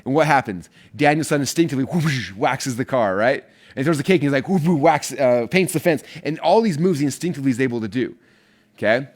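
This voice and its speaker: A man teaching an online course, talking extremely fast in an energetic, rambling way. His voice sits at an ordinary pitch, and he fills his sentences with casual asides. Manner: energetic, rambling, many fillers. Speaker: online marketing course instructor.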